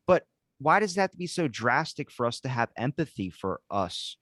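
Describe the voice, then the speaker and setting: An American man rants in casual podcast talk, swearing freely and punching out his points with blunt emphasis. His voice sits at an ordinary middle pitch. The recording is dry and close, with no room echo. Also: very animated, moderate pace, a bit bright. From United States. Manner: heated, profane ranting with blunt emphasis. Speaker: podcast guest or co-host.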